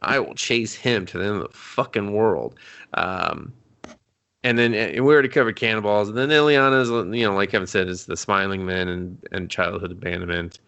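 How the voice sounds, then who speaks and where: A man's voice: fairly low pitch, normal speed, creaky, bright, forceful tone, smooth. A man co-hosting a casual movie review podcast, swearing freely, laughing often and acting out characters' lines. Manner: laughing, profane, acts out characters in quotes. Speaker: podcast co-host.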